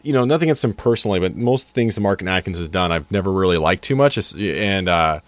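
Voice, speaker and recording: A man in his forties tells a long, profane story as a podcast co-host, restarting his sentences and swearing freely. His voice sits low, and the sound is dry and close with almost no room around it. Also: animated, quick pace, no room sound. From Eastern Washington, USA. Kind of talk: casual storytelling chat.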